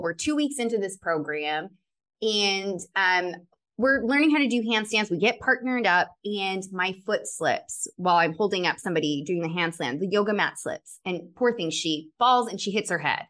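A woman's voice: medium pitch, fairly bright tone. Earnest woman pharmacist telling personal stories on a podcast, reflective, laughs a lot. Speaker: guest, clinical pharmacist. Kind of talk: personal storytelling in a podcast interview.

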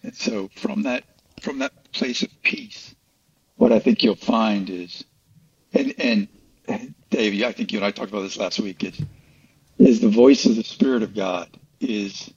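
A man appears as an interview guest, earnestly explaining his faith in casual conversation with many restarts. His lowish, husky, darkish voice has lively intonation and an unhurried pace. The audio is distant, muffled and lo-fi.

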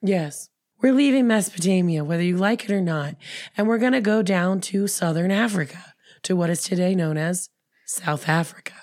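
A woman co-hosting a podcast in casual chat, her voice hoarse from a cold, rambling with fillers and restarts. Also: on the low side, moderate pace, a little mellow, no room sound, clean studio sound. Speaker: podcast co-host.

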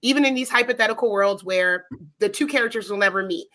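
A woman co-hosting a casual podcast chat, animated and slangy, quick to laugh. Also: mid-range voice, a crowd in the background.

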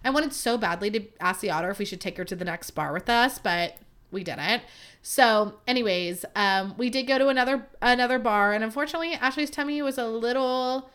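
A woman in her thirties hosts a podcast and tells a story in a loose, chatty way. Her voice sits at an ordinary middle pitch. She fills her talk with "like" and speaks straight to her listeners. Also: moderate pace, fairly bright tone, clean tone. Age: 30s. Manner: chatty, full of "like" and asides to listeners. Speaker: podcast host. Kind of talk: casual storytelling.

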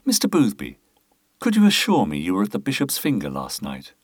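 A man's voice: lowish voice, brisk, slightly rough, dry recording, studio quality, heavily acted. A man voicing a probing police inspector. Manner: calm, pointed questioning. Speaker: detective.

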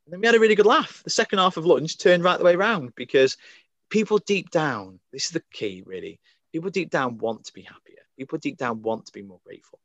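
A man's voice: a little high, fairly quick, no room sound. A man from Crewe with a northern English accent, chatting animatedly as a podcast guest and coaching from home. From Crewe, England. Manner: chatty, animated, jokey storyteller. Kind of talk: casual podcast chat.

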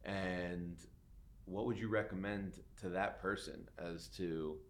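Deep-voiced male host, chatty and rambling, sets up hypotheticals. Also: fairly even intonation, slow. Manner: rambling questions, acts out little scenes, laughs easily. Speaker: podcast host. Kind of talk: casual interview chat.

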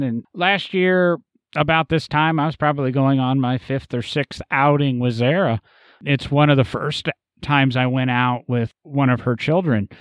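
A man's voice: medium pitch, no room sound. A man in casual podcast chat, easygoing and a little rambling, with plenty of "you know" fillers. His voice sits in a middle register. It is recorded close and dry, with no room sound. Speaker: podcast co-host.

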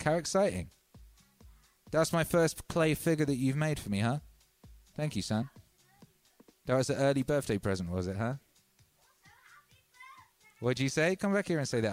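A man hosting a livestream, chatting casually in a laid-back, slangy, rambling way. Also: mid-range voice. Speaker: livestream host.

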